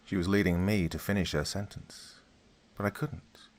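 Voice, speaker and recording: A man narrating a dark first-person story in a measured, dramatic reading. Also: low-pitched, steady tone.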